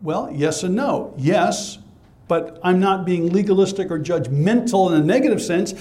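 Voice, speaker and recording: A man's voice: high voice, moderate pace, a little mellow. A man preaching a sermon as pastor, emphatic and conversational, asking rhetorical questions and answering them himself.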